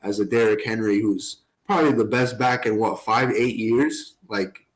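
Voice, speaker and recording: A man's voice: lowish voice, moderate pace, poor audio. Rambling man talking sports. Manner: rambling with fillers and laughs. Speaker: podcast co-host. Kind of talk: casual sports chat.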